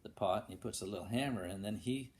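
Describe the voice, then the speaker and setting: A man's voice: on the low side, fast talker, darkish tone. A man telling a folksy tall tale, acting out buzzing and banging sound effects, with frequent restarts. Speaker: storyteller.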